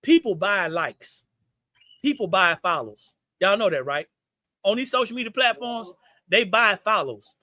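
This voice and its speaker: A man with a Southern US accent gives folksy, preachy business advice on a live stream, repeating his points and calling his viewers y'all. His voice sits high for a man and rings bright. The room sounds dry and close. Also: very animated, measured pace, dry recording.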